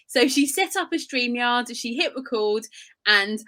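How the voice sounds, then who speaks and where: A woman's voice: fairly high pitch, animated, unhurried, pushed and bright. A woman coach co-hosting a business podcast, talking casually and earnestly with strong emphasis.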